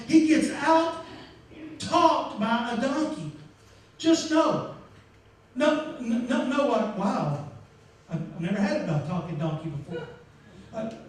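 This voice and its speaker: A man pastor preaching a sermon, telling a story with lively acted-out voices and sudden shouts. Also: extremely high pitch. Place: church sanctuary. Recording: echoey church room, mic far off.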